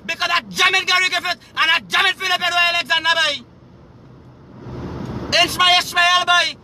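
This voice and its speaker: Very high, sharp-voiced Trinidadian man ranting. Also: quick pace, a little hiss or hum. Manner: agitated, profane, repetitive shouting. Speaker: livestreamer. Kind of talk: angry live-stream rant.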